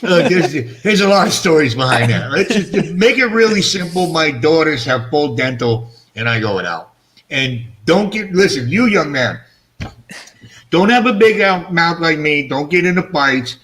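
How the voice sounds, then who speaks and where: Man, middle-aged, high voice, rambling self-mocking chat, toothless lisp, casual swearing. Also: very animated, moderate pace, a bit bright. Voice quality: speech affected by missing front teeth. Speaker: fish-keeping channel host.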